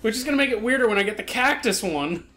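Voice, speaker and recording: A man's voice: very high-pitched, expressive, quick pace, pushed and bright. A man cracking self-mocking jokes while watching a video game. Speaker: let's play co-host. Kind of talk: crude casual gaming banter. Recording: faint game music behind.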